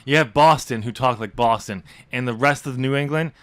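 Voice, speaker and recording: A man hosting a podcast in a teasing, sarcastic tone, with lots of ums and hesitations. His voice sits in a middle pitch, and the recording is dry and close. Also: a little fast, a bit bright, dry recording. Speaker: podcast host and author. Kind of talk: casual banter.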